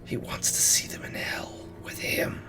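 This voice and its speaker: A man voicing a demonic possessed woman in a whispered role-play, with a deep, sinister, slow whisper. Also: music in the background, lightly acted. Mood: menacing. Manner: slow, sinister hissing delivery.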